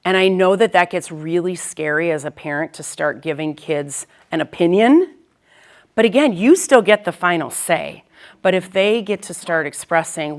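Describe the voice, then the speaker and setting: A woman's voice: fairly low pitch, moderate pace. A middle-aged woman school counselor giving a practical, conversational talk to parents and often checking in with "right?".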